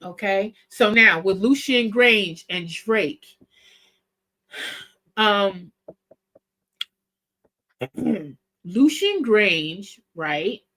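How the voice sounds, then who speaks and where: A woman hosting a show, talking through history in a casual, animated, slangy way. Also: mid-range voice, extremely slow, long pauses, poor audio. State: coughing spell. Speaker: host. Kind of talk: casual commentary.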